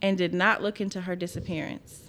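A woman's voice: fairly low pitch, level tone, fairly quick, a bit bright, slight background noise. A woman hosting a casual chat, telling a story and tossing dramatic questions to her co-host. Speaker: podcast host.

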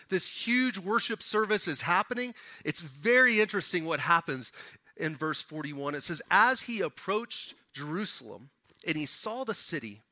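A man's voice: high voice, bright, forceful tone, no echo. A man preaching a sermon to his church, acting out quoted voices as he goes. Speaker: pastor.

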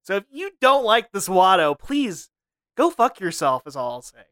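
A man's voice: high voice, very animated, normal speed, pushed and bright, clean tone, dry recording. A man co-hosting a comedy podcast, laughing often and ranting in mock seriousness. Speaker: podcast co-host. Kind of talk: casual comedy chat.

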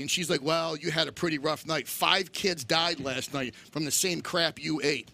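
A middle-aged man telling animated stories in casual chat, acting out the voices of people he quotes. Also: a little high, moderate pace, gravelly. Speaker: guest.

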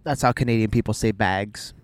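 A man's voice: fairly low pitch, a little fast, dry recording. A man in his thirties, chatting casually with his wife while driving, with playful jokes and asides. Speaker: vlogger, father. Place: car.

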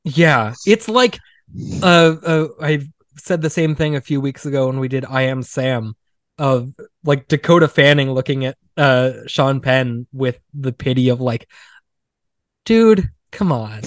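A man's voice: mid-range voice, steady tone, unhurried, no room sound, clean studio sound. A man hosting a casual film podcast, chatty and wry, full of "like"s and mocking quoted line readings. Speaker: podcast host.

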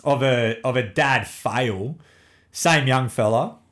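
A middle-aged man, chatting casually as a podcast guest and telling animated family stories with plenty of swearing. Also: medium pitch, slow pace. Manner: animated storyteller, swears freely, acts out family dialogue. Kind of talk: casual chat.

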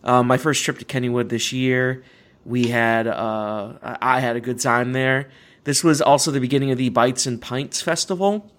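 A young man hosts a casual chat podcast. He rambles, corrects himself mid-sentence and laughs often at his own stories. His voice sits at a middling pitch. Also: steady tone, moderate pace, fairly bright tone. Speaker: podcast host.

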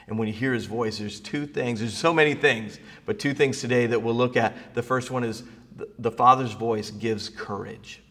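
A man's voice: medium pitch, fairly bright tone, big-room sound. A man preaching a sermon, building emphasis through repeated phrases. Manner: preaching with rising emphasis and repetition. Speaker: pastor.

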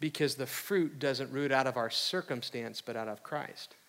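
A man's voice: mid-range voice, moderate pace, fairly bright tone. A middle-aged man from Iowa preaching a sermon as a pastor, conversational and joking, with casual slang. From Iowa, USA. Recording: reverberant hall.

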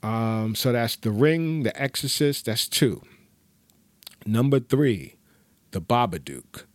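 A man's voice: medium pitch, takes it slowly, no echo. A man hosting a podcast, telling casual, profane stories with lots of laughter. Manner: profane, laughing, animated storyteller. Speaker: podcast host. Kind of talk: casual solo storytelling.

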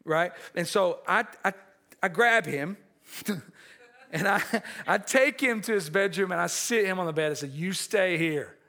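A pastor preaches a sermon built around a personal story, full of restarts and repeated words, shifting between animated moments and quiet, earnest passages. His voice sits high and his pace is measured.

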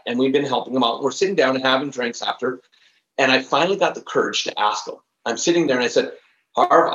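A man in his fifties, a professional trainer on a podcast, telling an emphatic story and acting out the dialogue. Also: medium pitch. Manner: animated, emphatic storyteller who acts out dialogue. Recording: roomy, slightly dull recording.

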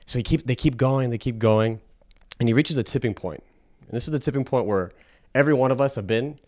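A man tells a story in a relaxed, conversational way, with his voice at an ordinary middle pitch. He gets animated and acts out the people in the story as he goes. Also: fairly quick. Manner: animated, acts out characters with a put-on accent. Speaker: speaker telling a story about a scientist. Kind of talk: casual storytelling talk.

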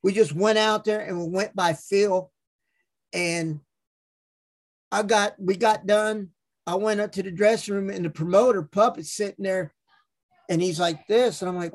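A man's voice: sits high, normal speed. A man hosting a podcast, telling stories casually with lots of profanity and acted-out quotes. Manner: profane, animated storyteller acting out quotes. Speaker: podcast host. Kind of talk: casual storytelling.

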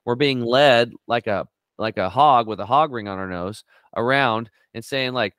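Middle-aged guy on a health talk show, smooth clear voice, dry close mic, acts out every quote. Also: normal speed, hardly any pauses, dry recording. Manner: animated storyteller, acts out quotes with big pitch jumps. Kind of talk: energetic conversational interview.

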